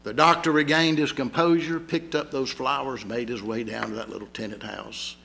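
A man preaching a sermon, telling a story dramatically and swinging from loud to hushed. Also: medium pitch, steady tone, normal speed, vocal fry. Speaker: pastor.

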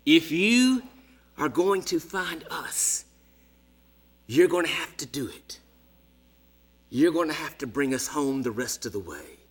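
A man in his sixties preaching a sermon as a story, dramatic, dropping to hushed whispers and rising to shouts. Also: a little high, animated, slow, long pauses, slightly rough. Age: 60s.

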